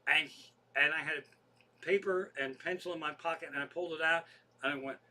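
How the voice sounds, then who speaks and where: Bright-voiced man telling profane stories. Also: fairly high pitch, fairly even intonation, a little fast. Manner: profane, rambling anecdotal storytelling. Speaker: comedian. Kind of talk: storytelling podcast monologue.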